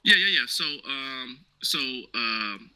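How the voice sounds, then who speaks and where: A man's voice: mid-range voice, slow pace, low-quality recording. A man guest on an interview show, telling casual, slangy stories and acting out the dialogue in them. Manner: animated, slangy, acts out quoted dialogue. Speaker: guest, former Marine now cloud engineer.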